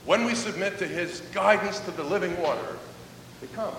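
A male pastor delivering a sermon with animated preaching, slowing down to stress key words. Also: recorded from a distance. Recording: echoey hall, faint rumble.

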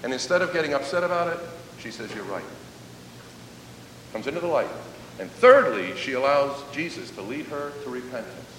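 Animated preacher in an echoey hall. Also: male voice, distant mic. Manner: animated preaching, slows to stress key words. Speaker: pastor. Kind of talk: sermon. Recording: echoey hall, faint rumble.

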